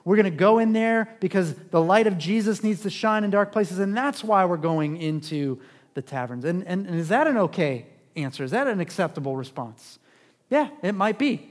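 A man preaching a sermon in a conversational way, asking rhetorical questions and swinging between loud and hushed. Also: high voice. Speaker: pastor. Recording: long reverb of a large hall.

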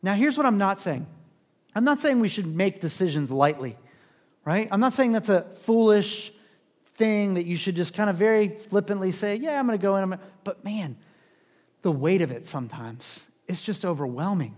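High-voiced preacher in a big hall. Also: male voice, expressive, moderate pace. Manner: conversational, rhetorical questions, shifts between loud and hushed. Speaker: pastor. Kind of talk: sermon. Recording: long reverb of a large hall.

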